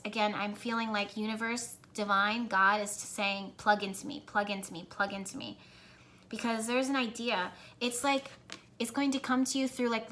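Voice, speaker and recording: A woman's voice: medium pitch, sharp tone, slight background noise. A woman giving a casual spiritual tarot reading, earnest and encouraging, rambling with restarts, recorded on a camera mic at home. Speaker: tarot reader.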